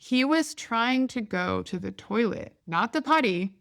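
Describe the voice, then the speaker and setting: A woman's voice: on the high side, animated, unhurried, gravelly, fairly bright tone. A woman in her thirties hosting a podcast, telling a candid, down-to-earth story in a casual, chatty way. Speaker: podcast host. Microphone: podcast microphone.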